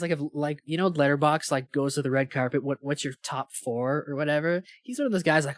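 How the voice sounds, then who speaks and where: A young man co-hosting a podcast in casual chat, rambling with lots of fillers and quick impressions. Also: on the high side, no echo, clean studio sound. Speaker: podcast co-host.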